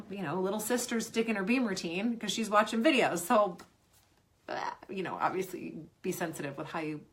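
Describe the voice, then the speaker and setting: A woman performance coach talks through listener questions in a relaxed, chatty way. Her voice sits at a middle pitch, and she keeps things friendly and encouraging. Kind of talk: live Q&A talk.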